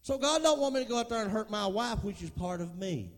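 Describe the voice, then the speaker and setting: A man's voice: high-pitched, lively intonation, brisk. A middle-aged man preaching a folksy sermon, calling out to the congregation. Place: church. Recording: long hall reverb.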